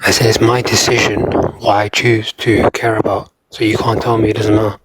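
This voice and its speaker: A man calling into a live debate who mumbles quietly and hesitantly. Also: on the low side, flat delivery, a little fast, background noise. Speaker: caller.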